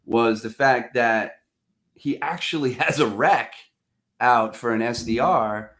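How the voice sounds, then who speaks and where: A man's voice: mid-range voice, takes it slowly, a bit bright. A man, chatting casually on a podcast and acting out both sides of his phone calls. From Staten Island, New York. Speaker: podcast guest, sales rep. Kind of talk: casual chat, storytelling.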